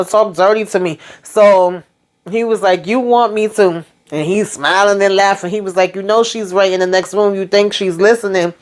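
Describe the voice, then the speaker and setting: Woman recapper, loose and chatty, acts out the dialogue. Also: mid-range voice. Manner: animated, retells scenes acting out the characters' lines; colloquial, peppered with "okay?" and "you know". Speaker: YouTube show recapper. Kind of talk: casual TV episode recap.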